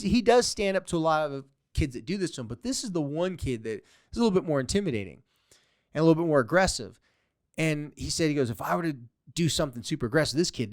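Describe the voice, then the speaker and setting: A man's voice: mid-range voice, dry recording. Male podcast host, therapist, storytelling, mock-sweet quoted lines, dry close sound. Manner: storytelling, acts out quoted exchanges with a mocking sweetness. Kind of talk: solo podcast talk.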